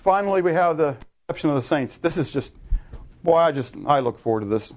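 A middle-aged man preaching with a slightly high voice, animated and chatty. He throws questions to the congregation and breaks off into loose, self-correcting asides. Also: a little fast. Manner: animated preaching with audience call-and-response. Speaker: pastor. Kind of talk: sermon.

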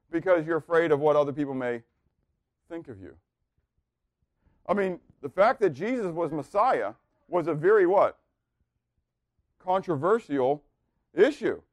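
A man with a high voice leads a Bible class, quizzing his listeners and waiting on their replies. He swings from loud emphasis down to near-murmured asides. The sound is dry and close. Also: no room sound. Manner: asks the class questions and waits for answers. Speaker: Bible teacher. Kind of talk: interactive Bible teaching.

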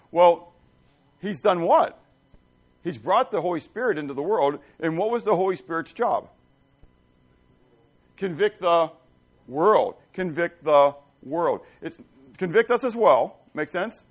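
A man's voice: a little high, expressive, unhurried. Folksy man preaching a casual sermon. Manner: folksy storytelling, asks the congregation questions. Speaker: pastor. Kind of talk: conversational sermon.

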